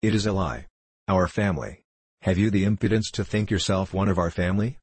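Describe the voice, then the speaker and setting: A man's voice: deep voice, a little fast, a little mellow, slightly rough, no room sound. A man reading the part of a blustering, domineering country squire in an audiobook. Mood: scolding. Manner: domineering, scolding. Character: blustering bullying country squire, male, middle-aged.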